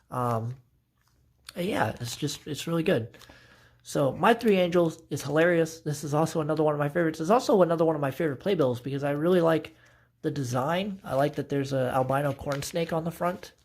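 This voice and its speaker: A man's voice: fairly high pitch, gravelly, slight background noise. A young man chatting casually into his phone camera as a vlogger, rambling enthusiastically with lots of fillers and restarts. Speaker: vlogger showing his playbill collection. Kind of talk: casual chat.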